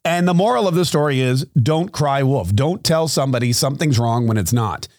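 A man's voice: medium pitch, animated, fairly quick, a little mellow, no echo, clean studio sound. A man hosting a podcast, telling a story in a rambling, sarcastic comic monologue. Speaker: podcast host.

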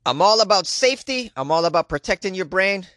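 Boston guy joking around and riffing on news, kinda high voice, no room sound at all. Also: expressive, a little fast, fairly bright tone, no echo, clean studio sound. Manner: rambling, joking, incredulous. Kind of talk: comedic commentary.

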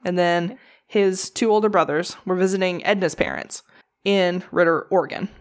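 A woman's voice: on the low side, normal speed. A woman co-hosting a podcast, telling a true crime story in casual, profane chat. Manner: profane, animated storyteller with mocking quoted voices.

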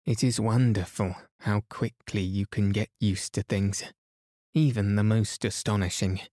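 A man narrating a bedtime story in a calm, soothing way for sleep. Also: fairly low pitch, unhurried, no echo, clean studio sound. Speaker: podcast host, reader.

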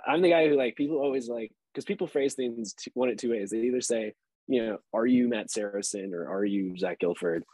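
A man's voice: mid-range voice, fairly quick, dark tone, breathy edge, dry recording. A man in his thirties, an actor guest on a podcast, telling laid-back stories and swearing casually.

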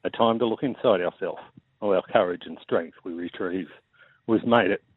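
A man's voice: low voice, moderate pace, husky, dry recording. Australian man reciting a poem down a phone line. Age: 40s. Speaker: caller.

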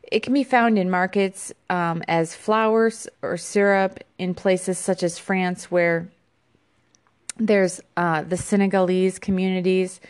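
A woman's voice: lowish voice, a little mellow, clear, resonant tone. A woman hosting a podcast about an herb, reading an informational segment with small fillers and restarts. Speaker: podcast host.

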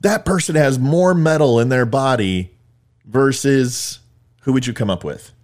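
A man's voice: mid-range voice, measured pace, a little mellow. Guy host rambling at his viewers, jokey, pokes fun at himself. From California. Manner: rambling, joking, self-mocking. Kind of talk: casual monologue to viewers.

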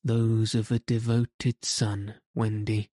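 A boyish, uneasy young boy, puzzled and anxious, as a man reading the storybook puts him on. The reading is slow and unhurried, with a low, warm voice. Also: flat delivery, no echo, studio quality.

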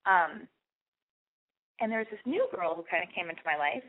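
A woman's voice: on the low side, animated, moderate pace. Woman with a lisp, podcast host, profane rambling advice rant, narrow phone-line sound. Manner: profane, rambling and self-deprecating. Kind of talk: brash comedic advice monologue.

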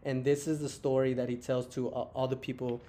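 A man hosts a podcast and retells movie scenes in a loose, rambling way, full of fillers. His voice sits at an ordinary mid pitch. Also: level tone, a little fast, mellow. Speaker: podcast host. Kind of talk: casual chat, retelling film scenes.

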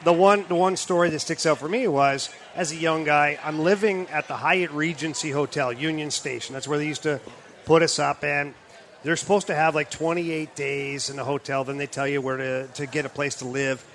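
Brief: middle-aged male co-host, a bit higher voice, swears, laughs, acts out the quotes. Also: steady tone, moderate pace, a bit bright. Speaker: podcast co-host, former hockey player. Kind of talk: casual storytelling chat.

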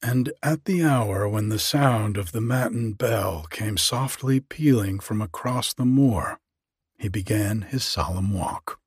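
Brief: male storybook narrator, very breathy, low, dry close recording. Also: dry recording. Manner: slow, measured, old-fashioned phrasing. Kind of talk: storybook reading.

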